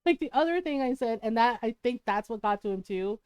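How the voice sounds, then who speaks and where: Young woman streamer, high voice, blunt and sweary, chatting to her stream, dry close mic. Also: animated, fairly quick, a little mellow, smooth, no room sound. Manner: frank, blunt, swears freely, laughs between lines. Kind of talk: casual storytelling on a livestream.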